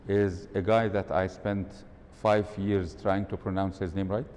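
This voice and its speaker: In a level, darkish voice and at a measured pace, a man presents a live workshop in an event hall, quizzing attendees and demonstrating how tones of voice sound. Long hall reverb and a faint rumble are audible.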